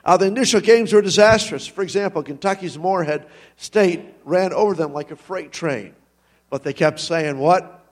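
A man preaching a sermon in a church, telling a story with animated delivery and sudden loud rises. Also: sits high, moderate pace. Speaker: pastor.

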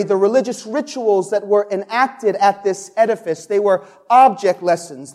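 A male pastor preaching a sermon, drawing answers from the congregation and building to loud, emphatic peaks on key words. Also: sits high. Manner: call-and-response preaching, asks the congregation to answer.

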